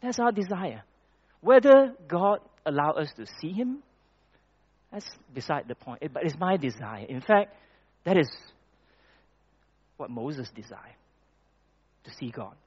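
A man preaching a conversational sermon in a church hall, often pausing and restarting his words. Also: fairly high pitch, sing-song, breathy edge. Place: church hall with projected slides. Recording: dull lo-fi recording.

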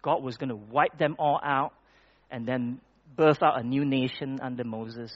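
A man delivers a sermon at a middle pitch in a relaxed, conversational way, stumbling and restarting now and then. The recording is dull and lo-fi, with muffled highs. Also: normal speed. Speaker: preacher. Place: church hall with projected slides.

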